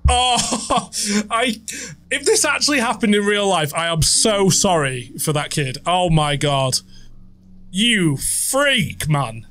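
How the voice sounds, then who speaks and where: A man's voice: high voice, animated, slow, pushed and bright. A young man playing a horror game on video, reacting with startled swearing and muttered comments. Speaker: gaming YouTuber.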